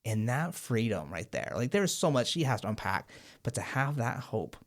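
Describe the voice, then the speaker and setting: A man hosts a podcast in casual, enthusiastic chat. His voice swings up and down in lively leaps as he retells scenes. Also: medium pitch, moderate pace. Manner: animated, enthusiastic storyteller. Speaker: podcast host.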